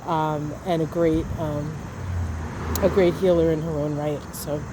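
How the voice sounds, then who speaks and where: A woman's voice: low voice, flat delivery, unhurried, noisy background. Chatty woman filming in her garden. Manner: chatty, enthusiastic, trailing off with fillers. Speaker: astrology vlogger. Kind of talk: casual chat to camera. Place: outdoors in a garden.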